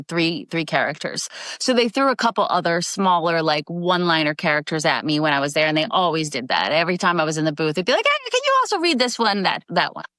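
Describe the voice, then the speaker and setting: Brief: actress guest, animated storyteller, dry close sound. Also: female voice, mid-range voice, no room sound. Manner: animated, acts out quoted voices. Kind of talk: casual interview storytelling.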